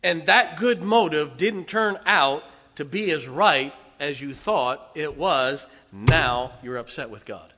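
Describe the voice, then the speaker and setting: Bright-voiced preacher in an echoey hall. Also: male voice, fairly high pitch, lively intonation, takes it slowly, few pauses. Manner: emphatic, swings from loud to hushed. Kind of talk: sermon. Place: church.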